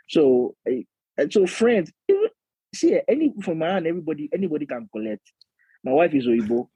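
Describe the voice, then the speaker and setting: A man with a Nigerian accent, co-hosting a podcast and telling stories in animated casual chat, laughing often and slipping into Nigerian slang. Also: on the high side, fairly quick, breathy edge, dry recording, lo-fi sound. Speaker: podcast co-host.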